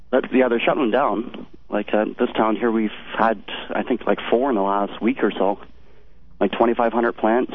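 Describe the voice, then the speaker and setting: A man's voice: lowish voice, a little hiss or hum. A man with a Canadian accent calling into a radio show, talking casually and rambling. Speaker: caller. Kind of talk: phone-in call. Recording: tinny phone line.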